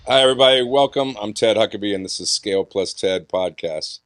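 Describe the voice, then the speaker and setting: Man, podcast host, lower voice, teasing jokes, dry close mic. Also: brisk, fairly bright tone, dry recording. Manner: joking, teasing. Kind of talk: casual interview chat.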